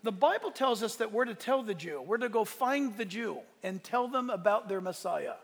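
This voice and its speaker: A pastor preaching a sermon in a church, swinging between quiet asides and loud emphatic lines, with a congregation listening. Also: male voice, high voice, lively intonation, moderate pace. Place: church sanctuary. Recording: echoey church hall with congregation.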